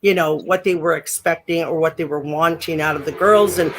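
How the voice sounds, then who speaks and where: A middle-aged woman with a naturally deep voice talks as a guest in a relaxed interview. She tells her stories in a loose, chatty way, full of fillers and self-corrections. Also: a little fast, a little hiss or hum. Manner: chatty storyteller, many fillers and restarts. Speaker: guest, former pro wrestler. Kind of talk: casual interview chat.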